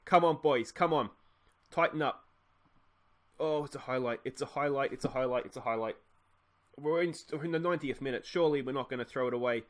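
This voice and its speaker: A man casually commentating his football management game, cheering goals loudly and thinking aloud about tactics. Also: mid-range voice, brisk. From Australia. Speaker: gaming YouTuber playing a football management game.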